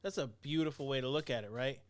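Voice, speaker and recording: A man's voice: mid-range voice, fast talker. A middle-aged man co-hosting a podcast, telling stories with energy and tagging "right?" onto his sentences. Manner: animated storyteller, asks "right?" often. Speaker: podcast co-host. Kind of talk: casual chat.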